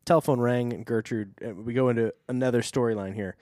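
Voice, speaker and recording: A man's voice: mid-range voice, steady tone, fast talker, few pauses, warm tone, dry recording, studio quality. Playful man reading aloud with jokes. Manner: playful, sarcastic asides. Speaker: podcast co-host reading a book aloud. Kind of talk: comedic read-along chat.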